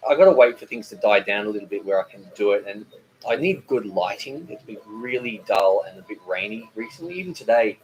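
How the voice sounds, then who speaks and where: A man's voice: on the low side, lively intonation, brisk, lo-fi sound, a little hiss or hum. A man, hosting a casual live cooking chat, rambling and joking as he reads viewer comments. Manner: rambling and chatty, with many fillers and joking asides. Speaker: cooking channel host.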